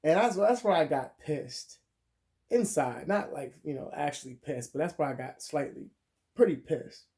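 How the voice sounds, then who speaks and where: Profane, animated man ranting on camera. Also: a little high, moderate pace. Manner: crude, animated, swings between loud outbursts and muttered asides. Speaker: vlogger. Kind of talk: profane storytime rant.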